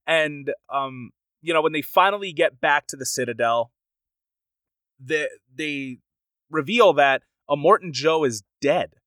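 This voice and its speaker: A man talking through a film on a casual podcast, animated and quick to act out crowd shouts. His voice sits a little high, and the recording is dry and close, with no room sound. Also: dry recording. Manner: animated, quotes crowds in raised voices, gets emotional. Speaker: podcast co-host.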